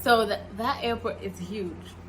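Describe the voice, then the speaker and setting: A young woman from Kenya telling a casual story while cooking at home, animated and acting out the people she quotes. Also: mid-range voice, a little slow, a little hiss or hum, poor audio. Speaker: vlogger. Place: home kitchen.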